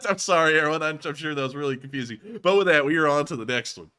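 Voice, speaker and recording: Casting: a man from the American South, bright forceful voice, animated live-stream host. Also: a little high, clean tone. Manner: animated, laughs often, quick asides. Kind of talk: casual live-stream chat.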